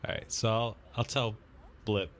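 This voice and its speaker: A man's voice: fairly low pitch, little pitch movement, moderate pace, fairly bright tone, a little hiss or hum. A man playing in a tabletop game, joking and easygoing. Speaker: player. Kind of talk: tabletop role-play.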